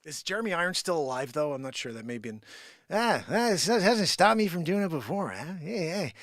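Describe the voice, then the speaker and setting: A man hosting an improvised comedy live stream, joking and swinging between shouting and whispering. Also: fairly high pitch, very animated, brisk, no echo, clean studio sound.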